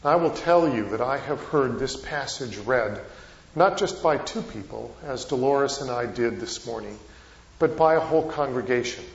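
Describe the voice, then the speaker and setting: A man's voice: mid-range voice, lively intonation, moderate pace, vocal fry. A male pastor preaching a sermon, telling stories with rising and falling emphasis. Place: church sanctuary. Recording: echoey church, dull lo-fi sound.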